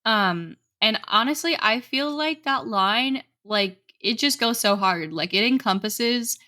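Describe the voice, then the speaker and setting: A woman's voice: a little high, lively intonation, measured pace, sharp tone. A woman in her twenties co-hosting a podcast in casual chat, giggly and self-deprecating. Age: 20s. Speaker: podcast co-host.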